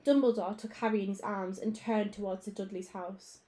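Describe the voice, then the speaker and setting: A primary school teacher, a woman, reading a children's book aloud with clear, expressive storytelling. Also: mid-range voice, moderate pace, hardly any pauses.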